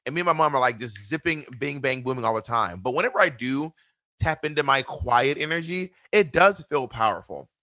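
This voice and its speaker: A man co-hosting a podcast, chatting casually in a sassy, animated, jokey way. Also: medium pitch, brisk, dry recording. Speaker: podcast co-host. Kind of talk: casual chat.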